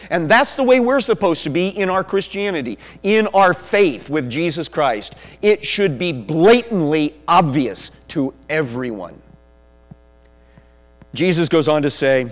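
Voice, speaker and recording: A man preaching a sermon as a pastor, with slow, emphatic delivery. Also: high voice. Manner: slow, emphatic preaching that drops to a quiet prayer. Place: church sanctuary. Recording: echoey church hall with mains hum.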